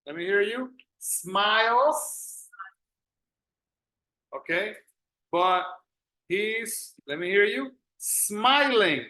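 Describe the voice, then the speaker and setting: A man's voice: high-pitched, lively intonation, measured pace, pushed and bright, reverberant, low-quality recording. A man teaching an English class, patiently correcting students and drilling pronunciation.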